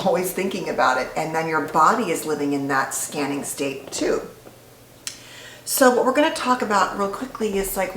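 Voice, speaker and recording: A woman's voice: on the low side, fairly bright tone, slight background noise. A woman psychologist giving an educational talk straight to the viewer, conversational and explanatory. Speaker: licensed psychologist. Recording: echoey room with faint ambience.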